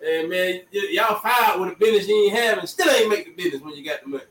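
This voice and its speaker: A man's voice: high-pitched, fast, a bit bright. A man hosting a casual chat, drawling and repeating his phrases with slang. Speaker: podcast host. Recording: echoey room from far off.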